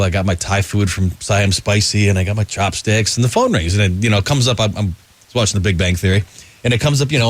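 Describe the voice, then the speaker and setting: A man co-hosting a radio talk show, telling stories in a casual, slangy, animated way. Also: on the low side. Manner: animated, slangy, acts out quotes. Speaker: radio co-host. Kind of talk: casual storytelling.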